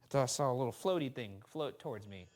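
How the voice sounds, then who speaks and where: A young man hosting a ghost-hunting show, exploring a dark old house alone and muttering nervous, sarcastic remarks. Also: mid-range voice, lively intonation, quick pace, noisy background. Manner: anxious, muttering, grumbling sarcastically. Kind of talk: nervous solo exploring commentary.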